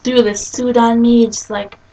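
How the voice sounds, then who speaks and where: A woman's voice: fairly high pitch, little pitch movement, unhurried, mellow. A young woman chatting casually in a video blog, rambling through stories with lots of giggling and acted-out quotes. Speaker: vlogger. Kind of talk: casual chat. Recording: distant from the mic.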